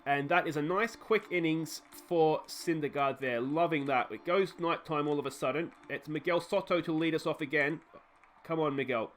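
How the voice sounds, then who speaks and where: An Australian man commentating his own baseball management game, calling plays with rising excitement and chatty asides. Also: fairly high pitch, normal speed, a little hiss or hum. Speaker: let's play host.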